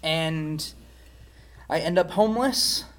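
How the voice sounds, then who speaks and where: Male interview guest, fairly high voice, candid and reflective personal testimony. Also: slow pace. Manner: reflective, frank storytelling.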